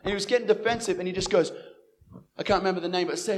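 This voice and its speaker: Racing along in a high voice, a young Christian evangelist recounts his personal faith testimony. He stays animated throughout, acting out every bit of dialogue he quotes.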